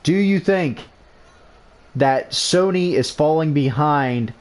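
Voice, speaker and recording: A man's voice: a little high, animated, slow pace. A man hosting a casual livestream, talking loosely and often repeating words and restarting sentences. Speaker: streamer host.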